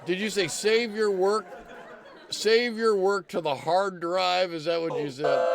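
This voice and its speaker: A man's voice: sits high, expressive, measured pace, a crowd in the background. A man hosting a comic stream, rambling and stammering, often cutting himself off and answering his own questions. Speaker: comedy stream host. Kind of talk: rambling comic livestream banter.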